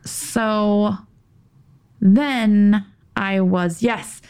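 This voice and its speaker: A podcast guest, a woman tells a personal story in conversation, haltingly and with restarts and pauses, sinking into a tense whisper when heated. Her mid-range voice is steady, clean and a little mellow.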